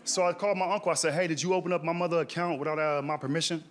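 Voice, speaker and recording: Animated male stand-up comedian. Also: fairly high pitch, racing. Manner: animated, tags lines with "right?" and "dog". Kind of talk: stand-up storytelling. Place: comedy stage.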